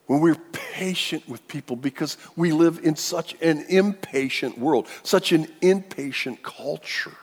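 A man preaching a sermon as pastor in a church, animated and joking with the congregation. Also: a little high, measured pace, few pauses, slightly rough. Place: church sanctuary. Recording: long church-hall reverb.

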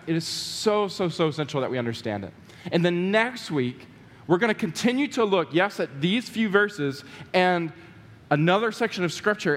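Man, pastor preaching a sermon, high voice, reverberant church hall. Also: fairly bright tone. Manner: emphatic, repeats key words, asks the congregation questions. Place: church sanctuary.

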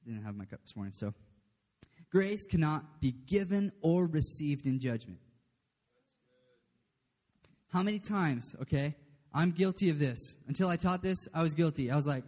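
A man's voice: fairly high pitch, lively intonation, moderate pace, darkish tone. A man preaching a casual, chatty sermon, often checking in with the room. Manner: chatty, asks the room "okay?", laughs often. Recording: long hall reverb.

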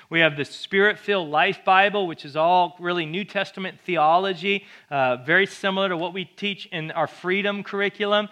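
A male pastor preaching to his church with a high, bright voice. He talks in a lively, conversational way and slips jokes in between points. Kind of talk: sermon.

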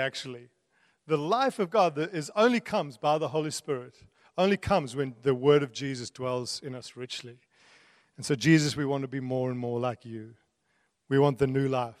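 A man's voice: mid-range voice, no echo, studio quality, long reverb tail. A man preaching a sermon in an earnest way, repeating key phrases and laughing now and then. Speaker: pastor.

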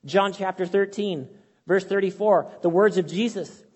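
A man's voice: sits high, normal speed, darkish tone, slightly rough, highs cut off. A man preaching a sermon as pastor, earnest and conversational, repeating his key phrases for emphasis. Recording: long hall reverb.

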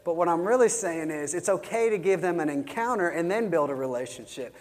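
A man's voice: fairly high pitch, lively intonation, fairly quick. Man teaching in a reverberant hall. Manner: conversational storytelling, acts out Bible quotes. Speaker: church teacher on evangelism. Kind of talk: teaching a class from worksheet notes.

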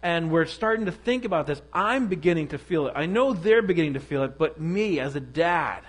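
A man's voice: fairly high pitch, lively intonation, fairly quick, poor audio. A middle-aged man giving a sermon, telling a personal story in a candid, self-deprecating way. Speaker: pastor.

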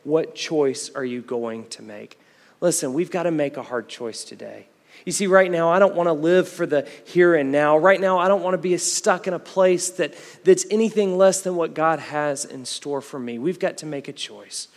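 A man's voice: fairly high pitch, moderate pace, long reverb tail. A male pastor in his thirties preaching a sermon, repeatedly saying "listen" and building in intensity.

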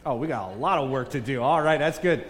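Joking preacher in a big echoey hall. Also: male voice, medium pitch, fast. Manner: joking, energetic, teasing the crowd. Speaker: guest pastor. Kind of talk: live church sermon with banter. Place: large church hall with congregation. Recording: distant reverberant hall, faint room noise.

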